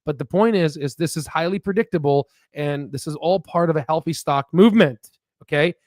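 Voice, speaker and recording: A man's voice: a little high, fairly quick, a little mellow, dry recording, clean studio sound. Rambling stock-chart commentator, man. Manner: rambling, repeats words, frequent "right?" and "you know"; pushy motivational tone. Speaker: stock market YouTuber. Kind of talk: casual stock analysis commentary.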